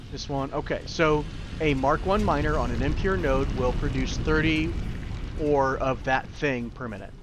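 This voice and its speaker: Background noise accompanies this young man's voice, which sits on the high side. A gaming YouTuber, he offers loose, rambling tutorial talk while playing a factory-building game, poking fun at himself along the way.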